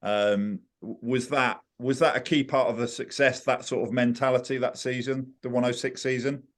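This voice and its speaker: A man hosting a podcast who asks long, halting questions and searches for his words. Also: medium pitch, fairly even intonation. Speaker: podcast host. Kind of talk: interview questions.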